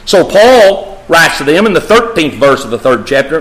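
A fairly high-pitched man preaches with big pitch swings, a slightly bright tone, and hardly any pauses at normal speed. His sermon is emphatic and repetitive, aimed squarely at the congregation, and the room echoes.

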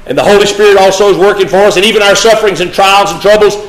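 Man, sermon, emphatic, repeats key phrases, fairly high voice, roomy echo. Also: fairly even intonation, racing. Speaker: preacher. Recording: echoey room sound.

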